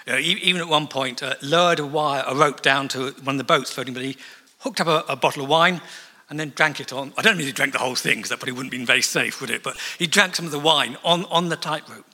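A man preaching a sermon in a church, conversational and animated, with asides and acted-out quotes. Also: mid-range voice, fast. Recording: long reverb of a church hall.

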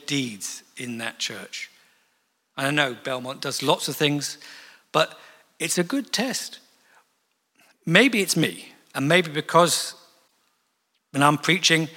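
A man preaching a sermon in a church, conversational and animated, with asides and acted-out quotes. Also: mid-range voice. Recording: long reverb of a church hall.

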